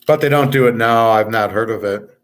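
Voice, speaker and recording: Loud, blunt male livestream host. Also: fairly low pitch, a little fast. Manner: talks loud and clear on purpose; blunt, opinionated, rambling, swears. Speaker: sports handicapping show host. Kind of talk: casual livestream chat with viewers.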